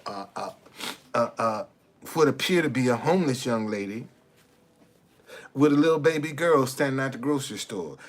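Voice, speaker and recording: A man's voice: a little high, a bit bright. A man hosting a casual livestream monologue, blunt and preachy, repeating himself and cursing. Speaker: livestream host.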